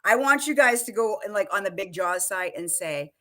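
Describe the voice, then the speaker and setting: A woman with a bright, forceful voice, chatting casually as co-host of a live fan show. She talks in an animated way and keeps breaking into quoted movie lines with a laugh. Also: medium pitch, normal speed.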